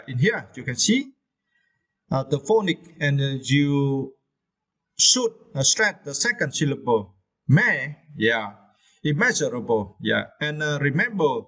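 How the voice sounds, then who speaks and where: A man teaching English vocabulary, pausing often with fillers and checking in with "right?". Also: medium pitch, animated, fairly bright tone. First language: Vietnamese. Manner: hesitant, many fillers and tag questions. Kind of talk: vocabulary lesson.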